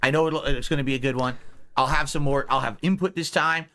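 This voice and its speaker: Bright-voiced, rambling male host. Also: mid-range voice, steady tone, fast talker, smooth. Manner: loose, rambling, swears casually. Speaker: show host. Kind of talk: casual stream talk.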